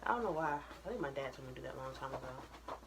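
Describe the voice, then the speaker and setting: A woman's voice: rumbling low, lively intonation, racing, creaky, background noise. A woman chatting casually to her viewers while doing household chores at home. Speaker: vlogger. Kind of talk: casual vlog chat. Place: home laundry area.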